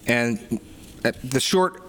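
A man's voice: mid-range voice, animated, drawn-out words, a bit bright, slight background noise. Earnest man teaching scripture. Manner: earnest, emphatic, with frequent restarts. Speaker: pastor leading a sermon discussion. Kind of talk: reflective teaching discussion.

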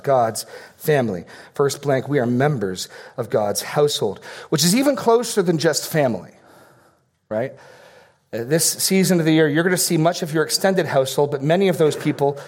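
Man, middle-aged pastor, sermon, earnest teaching, slightly higher voice. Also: expressive, moderate pace. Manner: earnest teaching with fill-in-the-blank outline points.

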